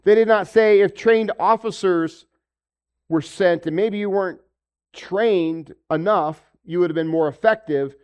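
Emphatic preaching man, fairly high voice. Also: a little slow, a little mellow, clear, resonant tone, highs cut off. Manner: dramatic, acts out quoted voices, rhetorical questions. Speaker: pastor. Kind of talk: sermon.

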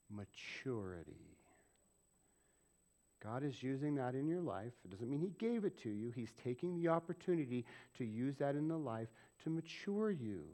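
A man preaching a sermon as pastor of a church, asking the congregation questions and acting out quoted voices. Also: mid-range voice. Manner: animated, asks the congregation questions and acts out quick quoted voices.

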